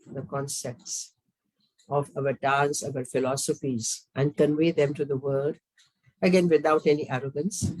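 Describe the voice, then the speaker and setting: Expressive Indian woman giving a lecture. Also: rough recording. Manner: expressive, emphatic, sweeping pitch swings. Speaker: guest lecturer, classical dancer. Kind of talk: formal lecture.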